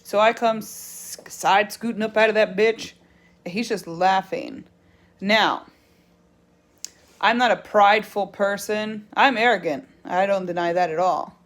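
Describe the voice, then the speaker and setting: A woman's voice: mid-range voice, unhurried. A woman truck driver telling a story in a casual vlog, blunt and profane, ranting animatedly about her job.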